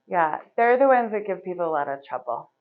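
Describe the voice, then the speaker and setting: A woman teaching a yoga class, giving relaxed, chatty instructions and laughing often. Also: lowish voice, brisk. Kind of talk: guiding a live yoga class. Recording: slightly dull, lo-fi recording.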